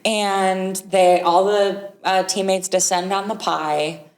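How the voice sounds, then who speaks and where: A woman in her thirties chatting casually as a podcast co-host, recapping a film with animated acted-out quotes. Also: medium pitch, takes it slowly. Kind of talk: casual chat, movie recap.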